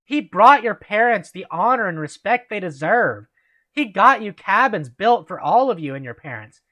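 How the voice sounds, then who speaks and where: A loyal young demigod scolds a crowd of his peers, voiced by a man reading a fan story aloud. The delivery is casual, with lively shifts in pitch. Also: normal speed, exaggerated voice. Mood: reproachful. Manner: reproachful, read aloud.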